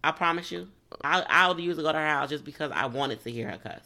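Bright-toned, chatty woman interviewer. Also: low voice, quick pace. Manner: relaxed, chatty, laughs easily. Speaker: podcast host, interviewer. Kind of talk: casual interview.

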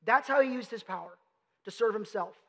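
A man's voice: high voice, brisk, pushed and bright. A man, a pastor, preaching a conversational sermon full of emphatic rhetorical questions. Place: church sanctuary. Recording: long hall reverb.

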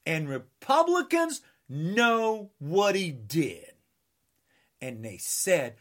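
A man in his sixties rants in a combative, taunting way and keeps hammering the same lines. His pitch swings wildly between high and low as he goes. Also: big pitch swings, very slow, fairly bright tone. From United States. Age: 60s. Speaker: political ranter. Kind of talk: angry political rant.

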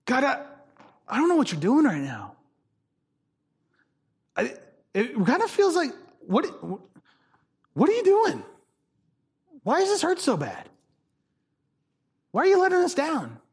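A man's voice: very high-pitched, wildly swooping pitch, a little slow, long pauses, breathy edge, voice pushed up, full character voice. A man playing an exasperated, whiny Moses. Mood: pleading. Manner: whiny, slangy, incredulous. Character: exasperated Moses, grown man, griping casually at God.

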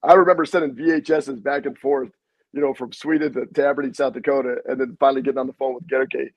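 A man's voice: medium pitch, quick pace, dry recording, poor audio. A middle-aged man, a head basketball coach, telling stories in a casual interview, acting out quotes with salty language. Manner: animated storyteller, acts out quotes, salty language.

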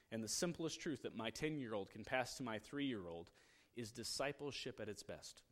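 A middle-aged male pastor giving a conversational sermon, telling stories and moving between hushed asides and raised emphasis. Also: fairly high pitch.

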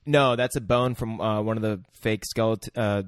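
A man co-hosting a casual chat, chiming in with details and quick agreement. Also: lowish voice, steady tone, dry recording, studio quality. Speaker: podcast co-host.

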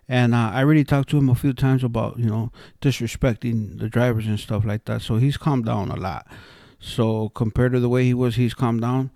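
A man talking casually and earnestly, looping back over his words and restarting his thoughts as he tells a story. His voice sits at an ordinary middle pitch. The sound is dry and close, with no room echo. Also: fairly even intonation, brisk, gravelly, a little mellow. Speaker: interviewee sharing life philosophy.

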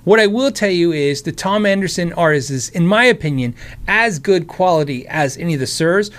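An American man hosts a casual live stream, fielding chat questions about guitars in a rambling, friendly way, full of restarts and asides. His voice is high-pitched, animated, and a bit bright at a normal speed, though it sounds tired and worn.

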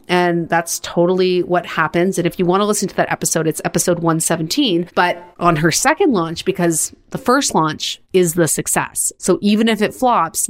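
A woman hosting her own podcast, talking casually in a blunt, chatty, upbeat way with rambling asides. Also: medium pitch. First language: bilingual, English and French. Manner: blunt and to the point. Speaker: podcast host and business coach.

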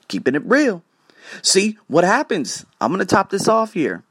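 Animated, profane male podcast host. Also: sits high, normal speed, husky. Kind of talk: casual monologue podcast.

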